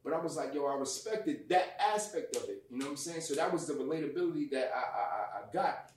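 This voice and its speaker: A man telling a personal story in casual conversation, animated and profane, acting out what people said. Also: on the high side, quick pace, echoey room, far from the mic, a little hiss or hum. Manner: animated, profane, acts out quotes loudly. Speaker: guest.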